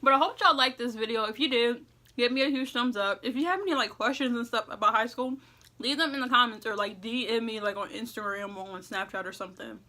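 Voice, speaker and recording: A young woman talks straight to her viewers in a relaxed advice vlog. Her voice is bright and a little high. She rambles in a friendly way, peppering everything with fillers, and talks with food in her mouth. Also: fast. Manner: chatty, heavy use of "like" and "you know what I'm saying"; eating while talking. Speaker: vlogger giving school advice.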